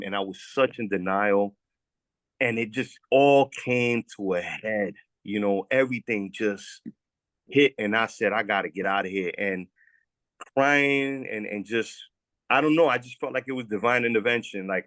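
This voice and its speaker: Guy telling his recovery story, earnest, keeps stumbling and restarting, normal pitch, dry sound. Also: fairly bright tone, no room sound. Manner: halting, repeats words, earnest and heartfelt. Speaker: former guest sharing recovery story. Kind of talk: emotional testimonial.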